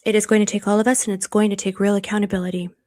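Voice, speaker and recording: A woman's voice: mid-range voice, little pitch movement, rapid-fire, darkish tone. A woman hosting a live stream, chatting casually and reading viewer comments in a bubbly, effusive way, laughing often and rambling with many restarts.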